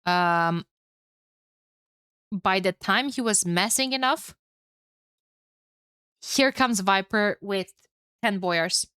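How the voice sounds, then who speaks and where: A woman commentating a strategy game alone for her live chat, chatty and excitable, tired and with a headache. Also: medium pitch, clear, resonant tone, no echo, clean studio sound. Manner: chatty, excitable, swears and laughs at herself. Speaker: esports caster.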